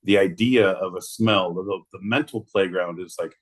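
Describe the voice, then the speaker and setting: A man's voice: sits low, normal speed, husky. A man co-hosting a podcast in casual, playful chat, riffing on wordplay and cursing freely. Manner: playful, riffs on wordplay, swears. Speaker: podcast co-host.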